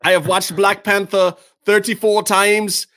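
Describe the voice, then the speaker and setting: A man co-hosting a casual wrestling podcast, talking in an animated, emphatic way. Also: high voice, unhurried. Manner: animated, emphatic, repeats words. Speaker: podcast co-host.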